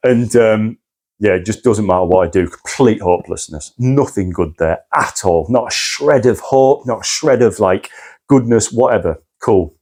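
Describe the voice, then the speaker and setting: A man's voice: on the low side, normal speed, a little mellow. A man recounting a personal crisis as a podcast guest, intense and swearing often. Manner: intense, swears often, acts out his own past cries. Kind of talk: candid personal story.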